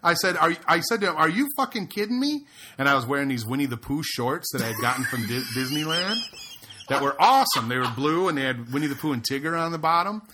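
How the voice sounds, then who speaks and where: A man hosting a loose, casual podcast conversation. His voice is bright and forceful, and he tells stories with lively acted-out dialogue and casual swearing. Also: medium pitch, quick pace, slight background noise. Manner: animated storyteller, swears freely, acts out quotes loudly. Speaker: podcast host. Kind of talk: casual chat. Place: Los Angeles.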